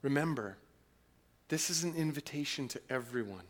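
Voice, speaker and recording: A man preaching a sermon, moving from loud, emphatic passages to quiet, reflective ones, sometimes acting out a listener's doubts. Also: mid-range voice, animated. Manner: acts out listeners' doubts in a casual, halting voice. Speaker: pastor.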